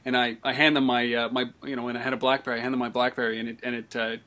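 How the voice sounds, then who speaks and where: A man's voice: mid-range voice, little pitch movement, rapid-fire, pushed and bright. A man interviewing a guest in a casual chat, affirming and thinking aloud.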